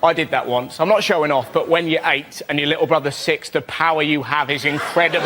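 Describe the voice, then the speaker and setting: A man doing energetic stand-up on a TV panel show, quick and excitable, often bursting into acted-out voices. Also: on the high side, a crowd in the background, background noise. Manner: fast, excitable, acts out voices. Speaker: comedian. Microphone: stage mic.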